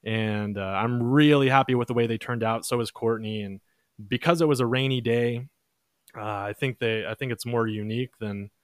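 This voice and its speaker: Young guy casually telling a story on a podcast, mid pitch, dry close sound. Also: moderate pace, clean tone, dry recording. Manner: relaxed, chatty, acts out quotes in a higher voice. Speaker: podcast host.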